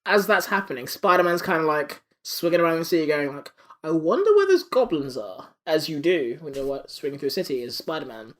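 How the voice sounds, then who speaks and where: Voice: mid-range voice, quick pace, hardly any pauses, fairly bright tone. A podcast co-host in casual chat, recapping an episode in a rambling way, acting out quotes and swearing freely.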